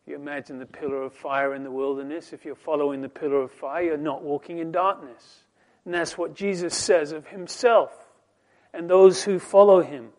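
This sermon comes from a man whose fairly high voice keeps a fairly even intonation. He quotes scripture slowly and deliberately, moving between soft, lowered phrases and loud, emphatic, rising ones.

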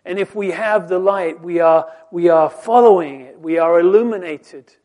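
With a high voice, a preacher works through scripture quotes in a slow, deliberate sermon. He alternates soft, falling phrases with loud, emphatic, rising lines.

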